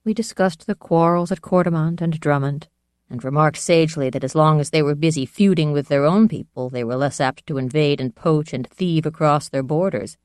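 An audiobook narrator reading a first-person fantasy novel in a measured, even storytelling manner. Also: medium pitch, clear, resonant tone, no room sound, clean studio sound.

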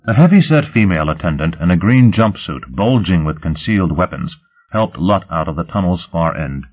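A man narrating a science fiction story in an expressive storytelling manner, over a tinny phone-like line. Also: low-pitched, normal speed. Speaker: audiobook narrator. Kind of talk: scripted narration.

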